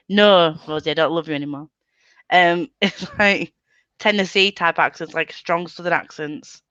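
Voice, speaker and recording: A woman hosts a reading sprint over a video call, laughing often and teasing her friends as she chats. Her voice sits at a middle pitch and comes through a dry, slightly muffled computer mic. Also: a little slow, fairly bright tone, smooth, dry recording. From England. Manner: giggly, teasing, chatty. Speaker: booktube host. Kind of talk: casual chat on a video call.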